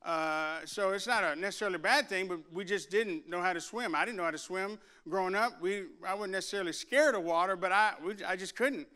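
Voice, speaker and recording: Man, preacher, high voice, bright tone, lively storytelling sermon, acts out voices. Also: fairly quick, hardly any pauses, smooth. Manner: animated storyteller, acts out voices, builds to shouts. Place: church sanctuary.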